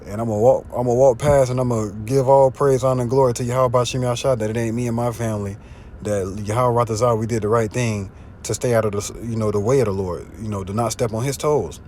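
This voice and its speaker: A man preaching informally, slangy and profane, often asking if you see what he's saying, and reading scripture louder. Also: steady tone, fast talker, a little hiss or hum. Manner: louder and higher when reading scripture aloud. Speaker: street preacher. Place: in a car. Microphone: phone.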